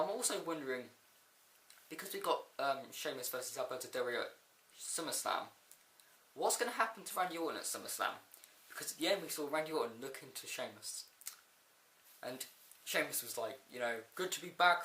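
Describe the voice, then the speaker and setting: A man giving a rambling, excitable casual video review of a wrestling show. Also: medium pitch, a little fast, pauses often. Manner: excitable, rambling, with frequent fillers and outbursts. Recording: echoey room.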